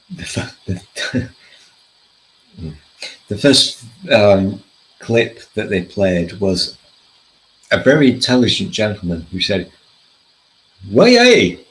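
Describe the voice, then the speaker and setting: A man's voice: deep voice, a little hiss or hum, low-quality recording. A man hosting a casual chat about news and politics, joking and laughing often. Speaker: host.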